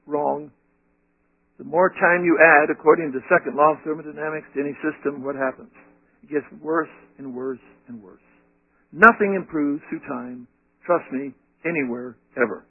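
A man preaching a sermon, asking the audience rhetorical questions in an animated way. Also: on the high side, normal speed, slightly rough, dry recording, narrow, tinny audio.

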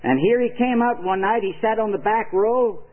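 Older male preacher, high-pitched, earnest and emphatic, thin phone-like radio sound. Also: moderate pace. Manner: earnest and emphatic, telling stories. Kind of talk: evangelistic sermon.

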